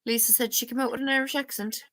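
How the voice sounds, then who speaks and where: A woman's voice: on the high side, little pitch movement, fast talker, a bit bright. A woman hosting a casual live stream, reading out viewer comments and chatting. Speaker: host.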